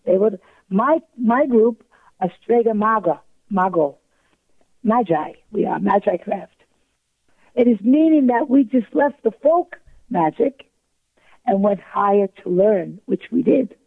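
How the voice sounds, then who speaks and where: A woman's voice: medium pitch, expressive, a little slow, creaky, long pauses, breathy edge, dry recording. An older woman calling in as a guest, telling stories with emphatic repetition. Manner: emphatic, repetitive, acts out quoted voices. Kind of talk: storytelling in a talk-show interview. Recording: tinny phone line.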